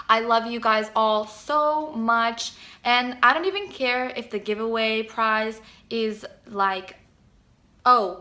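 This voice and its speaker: A young woman vlogging to camera, gushing and rambling as she tells a story, full of "like" and fan excitement. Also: fairly high pitch.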